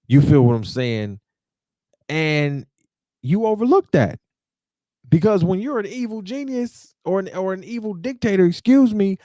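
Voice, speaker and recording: A man hosting a podcast, giving an animated, slangy recap of a manga chapter. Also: mid-range voice, dry recording, studio quality. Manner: animated, slangy, repeats "you feel what I'm saying". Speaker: podcast host.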